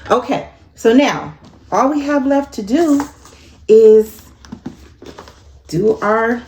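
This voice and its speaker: A woman's voice: mid-range voice, gravelly, darkish tone. A woman giving a chatty sewing tutorial to her viewers, laughing at herself as she works. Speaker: sewing instructor. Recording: echoey room with faint ambient noise.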